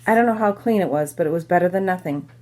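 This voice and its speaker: Woman reading a kids book out loud, plain steady storytelling. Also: lowish voice, quick pace. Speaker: reader. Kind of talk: reading a children's novel aloud.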